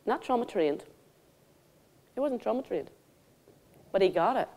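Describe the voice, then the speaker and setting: A woman's voice: medium pitch, expressive, measured pace, gravelly, a little mellow. An older woman giving a conference keynote speech, theatrical and intimate, calling the audience darlings. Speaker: keynote speaker. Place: conference hall stage.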